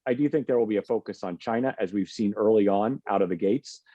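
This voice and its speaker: A man on a policy panel, speaking in a measured way with many fillers and restarts. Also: on the low side, dark tone, no echo, dull audio.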